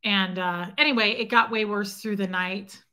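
Bright-voiced woman rambling on a livestream. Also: mid-range voice, fairly even intonation, moderate pace. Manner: rambling storytelling with restarts, answering chat by name. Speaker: livestream host. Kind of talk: emotional casual livestream talk.

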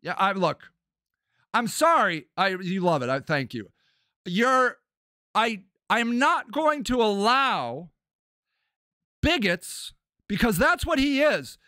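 A man hosting a podcast, delivering an impassioned, profane political rant that swings between shouting and low muttering. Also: big pitch swings, slow pace, long pauses, dry recording, studio quality. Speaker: podcast host.

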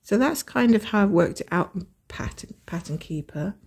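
A woman with a Scottish accent chats casually while she stitches, thinking out loud as she weighs up her plans. Her mid-pitched voice carries a gravelly edge. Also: animated, normal speed. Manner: thinking aloud, musing and weighing options. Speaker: host of a cross-stitch channel. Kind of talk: casual stitch-along chat.

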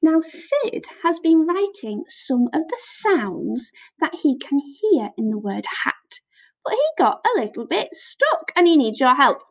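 A woman primary teacher leads a phonics lesson for small children, recorded to camera. Her voice sits high and she talks slowly, breaking words into sounds and praising every try. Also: very animated, rough recording. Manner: slow, encouraging, sounds out letters with lots of praise.

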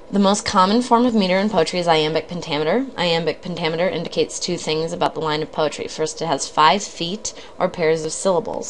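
A woman's voice: low voice, slight background noise. Woman lecturing conversationally on poetry. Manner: conversational, explanatory, frequent ums and self-corrections. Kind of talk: recorded literature lecture.

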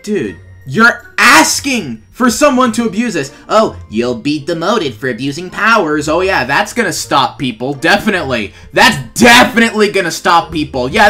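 This gaming YouTuber's voice sits high with a sharp tone. The young man trolls during gameplay, offering playful, sarcastic remarks and laughing a lot, while faint background music plays.

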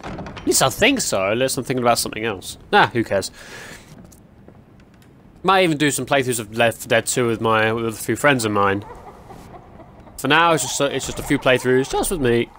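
A young man chats his way through a horror game in a mid-pitched, everyday voice. He rambles between jolts and yelps at every scare. A faint hiss sits under the recording. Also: expressive, normal speed, long pauses, a bit bright. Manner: chatty, rambling, easily startled, yelps and laughs at jump scares. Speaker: gaming channel host. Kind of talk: casual horror let's play commentary.

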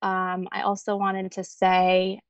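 Woman, podcast guest, mid-pitched voice, earnest and gentle, dry close sound. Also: completely flat delivery, no echo, highs cut off. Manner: soft-spoken and earnest, reads a friend's letter aloud slowly. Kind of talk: heartfelt interview talk.

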